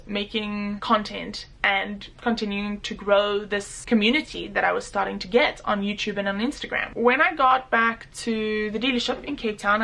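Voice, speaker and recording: Bright-voiced young South African woman. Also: mid-range voice, gravelly. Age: 20s. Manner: animated, acts out quoted voices. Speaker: interviewee, motorcycle rider. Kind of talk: personal storytelling interview.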